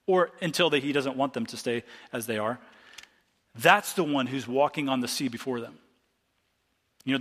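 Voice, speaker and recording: A man's voice: medium pitch, bright, forceful tone. Man, pastor, from Ohio, conversational sermon, frequent restarts, reverberant hall. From Ohio, USA. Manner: conversational teaching with restarts, reads scripture aloud. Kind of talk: expository sermon.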